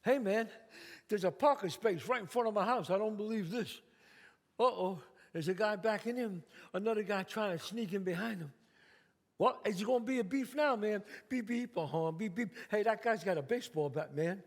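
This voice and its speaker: A man's voice: high voice, normal speed. A man from the Bronx telling a story on stage alone in a vivid, streetwise, dramatic way. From the Bronx, New York. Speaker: solo stage performer. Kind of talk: theatrical storytelling. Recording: stage reverb in a hall.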